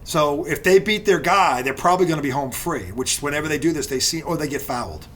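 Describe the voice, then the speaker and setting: A man's voice: on the high side, animated, fast talker, fairly bright tone, a little hiss or hum. A man hosting a casual sports talk show, arguing his points with emphasis and repetition. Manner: emphatic, repeats points for stress.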